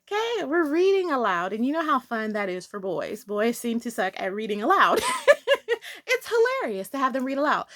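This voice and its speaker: A woman vlogger telling a school story in a dramatic, animated way, talking straight to her viewers. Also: a little high.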